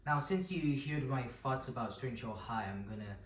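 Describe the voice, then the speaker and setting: A man's voice: mid-range voice, animated, normal speed, fairly bright tone. A man hosting a comedic skit in his house, pushy and mock-outraged. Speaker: video host. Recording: roomy, from a distance, with background noise.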